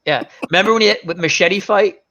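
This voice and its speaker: Bright-voiced man rambling through movie stories. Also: high-pitched, fairly quick, creaky. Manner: rambling storyteller, often groping for names. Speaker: show host. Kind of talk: casual chat. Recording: dull lo-fi sound.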